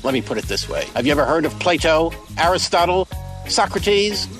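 Smug, scornful braggart, slightly high voice, slow sneering delivery, film music faintly behind. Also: male voice, animated, fairly bright tone. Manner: condescending, slow and drawn out. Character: smug arrogant man boasting of his brains.

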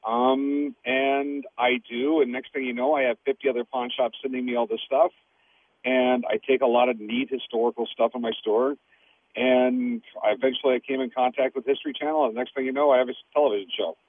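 A man's voice: medium pitch, fairly even intonation. Casual man on a tinny phone line. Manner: casual, halting with ums. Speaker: guest. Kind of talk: phone-in interview.

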